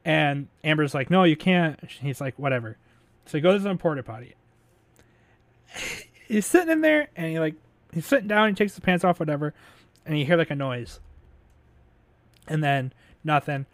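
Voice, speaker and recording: Rambling man, slightly high, very dry sound. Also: very animated, moderate pace, long pauses, no echo. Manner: rambling, filler-heavy retelling with frequent laughs; swears casually. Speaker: podcast host recapping a movie. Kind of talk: casual chat.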